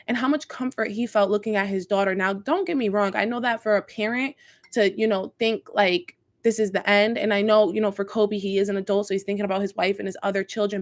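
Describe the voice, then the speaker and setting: Woman spiritual talker, gravelly texture, earnest rambling delivery with fillers. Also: medium pitch. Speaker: spiritual content creator. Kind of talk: casual spiritual talk.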